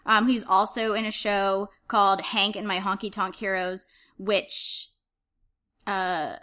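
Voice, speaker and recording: A woman co-hosting a relaxed theater chat. She talks with bubbly enthusiasm and likes to tease her partner. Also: mid-range voice, slow. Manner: chatty, enthusiastic, teasing. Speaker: podcast co-host. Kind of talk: casual chat about upcoming theater shows.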